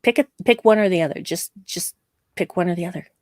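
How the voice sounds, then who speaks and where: A woman hosting a live discussion show, giving opinionated, animated takes with laughing asides. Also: lowish voice, quick pace, no echo, clean studio sound. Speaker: show host.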